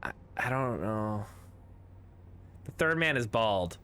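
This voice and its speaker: A man's voice: fairly low pitch, expressive, takes it slowly, sharp tone, smooth. A man streaming a video game, chatting casually and rambling through jokes while reading chat aloud.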